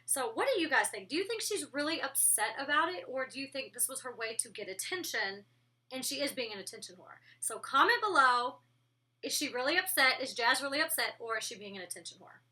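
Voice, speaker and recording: A woman's voice: sits high, recorded from a distance. Blunt, profane young woman reviewer. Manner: blunt, profane, animated storytelling. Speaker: reality show reviewer, former cast member. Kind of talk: casual review vlog.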